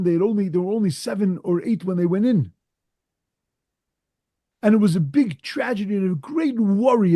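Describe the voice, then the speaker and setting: Male rabbi, sermon storyteller, husky, dry close sound, earnest and emphatic. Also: sits high, mellow, dry recording.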